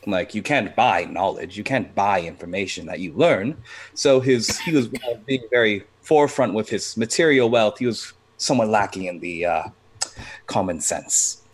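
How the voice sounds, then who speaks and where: A man's voice: on the low side, moderate pace. A man playing a tabletop role-playing game, speaking in character as a professor with a dry, long-winded storytelling manner. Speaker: player.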